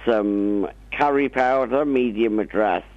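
A man phoning in to a radio show, speaking haltingly in a deadpan way. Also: lowish voice, dry recording, lo-fi sound. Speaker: caller.

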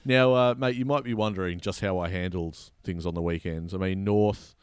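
An Australian man co-hosting a casual football podcast, telling stories with animated mock outrage. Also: low voice, normal speed, clear, resonant tone, no echo, studio quality. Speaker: podcast co-host. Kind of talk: casual footy podcast chat.

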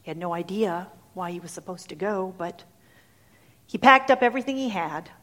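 A woman's voice: fairly low pitch, moderate pace. Woman preacher telling a dramatic story. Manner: dramatic, animated retelling. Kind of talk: sermon storytelling. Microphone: handheld or clip mic.

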